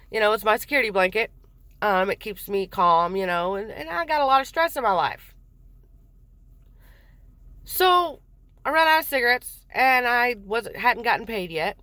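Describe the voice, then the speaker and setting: A woman with a somewhat high voice tells a personal family story in a loose, rambling way. She swears freely and talks casually as a mother. The sound is dry and close, with no room echo. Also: pushed and bright.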